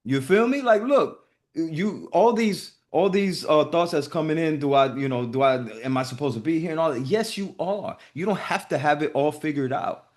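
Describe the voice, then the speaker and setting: A man's voice: a little high, animated, moderate pace. A man hosting a group video call, giving casual motivational talk in a profane, emphatic way.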